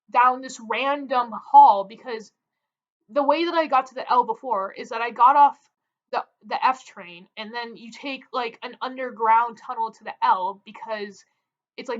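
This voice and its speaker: A young woman tells a story to the camera, chatty and animated, with lots of "like" in her speech. Her voice sits high, and the recording sounds a little dull and lo-fi. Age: young adult. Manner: chatty, filler-heavy, animated. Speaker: vlogger. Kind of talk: casual storytelling.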